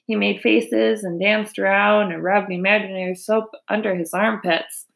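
A woman reading a children's novel aloud in a gentle, unhurried storytelling manner. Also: mid-range voice, steady tone, gravelly. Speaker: reader.

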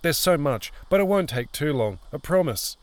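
A man's voice: a little high, animated, normal speed, no echo, close to an everyday voice. A man voicing a nervous, greedy rat-faced man who pleads and mutters under his breath. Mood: pleading.

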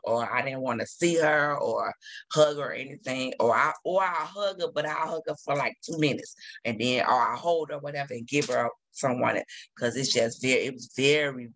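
A middle-aged man, a grieving father, speaking haltingly with many restarts in an emotional conversation. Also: medium pitch. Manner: halting, with many restarts and soft trailing words.

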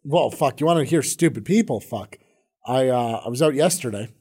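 A man's voice: medium pitch, animated, a little fast, a little mellow, breathy edge. A man co-hosting a podcast in casual chat, agreeing easily and bluntly starting his own story. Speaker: podcast co-host.

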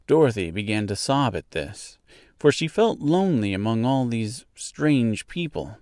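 A man hosting a podcast, reading a children's classic aloud in slow, deliberate storybook narration. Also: mid-range voice, sing-song, a little mellow, no room sound, clean studio sound.

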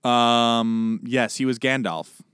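A man in easy podcast chat, his voice sitting at an everyday middle pitch. He talks in an animated way, tossing in jokes and quick asides. The sound is dry and close, with no room around it. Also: clean tone, dry recording. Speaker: podcast co-host. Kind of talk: casual chat.

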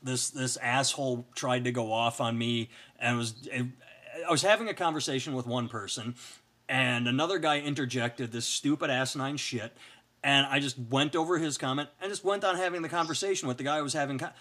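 A man with a voice of middling pitch rambles through casual podcast stories, acting out other people's lines as he goes. He talks in a loose, offhand way. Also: brisk, bright, forceful tone. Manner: rambling, storytelling with acted-out quotes. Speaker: podcast co-host. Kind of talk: casual chat.

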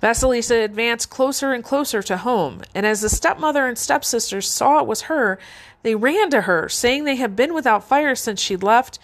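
A woman narrating a fairy tale in a measured, expressive way. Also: fairly high pitch. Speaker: storyteller.

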